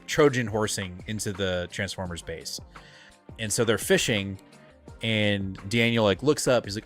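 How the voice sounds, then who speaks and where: A man co-hosting a live comic book show, talking in a rambling, excitable way with lots of filler words and casual swearing. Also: fairly low pitch, normal speed, soft background music. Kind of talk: casual live-stream chat.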